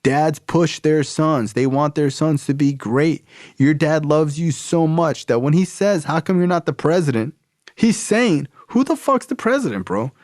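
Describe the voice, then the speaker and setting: A man's voice: on the high side, animated, unhurried, darkish tone, no echo, studio quality, voice pushed up. Man doing a fired-up, swearing buddy. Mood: hyped. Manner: emphatic, swearing, repetitive "bro". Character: fired-up young male friend, pep talk.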